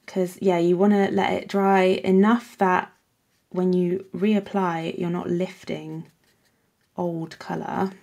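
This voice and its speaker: Woman walking thru a watercolour painting, chatty then whispery, kinda raspy low-key voice. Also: flat delivery, slow pace. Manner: chatty, drifting into soft whispers while painting. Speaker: art workshop host. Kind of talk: painting tutorial narration.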